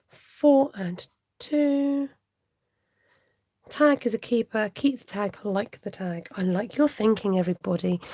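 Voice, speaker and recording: A woman hosting a live card-making tutorial, chatting warmly as she reads out viewer votes and laughs often. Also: medium pitch, no room sound, clean studio sound. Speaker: card-making livestream host. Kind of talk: live crafting tutorial chat.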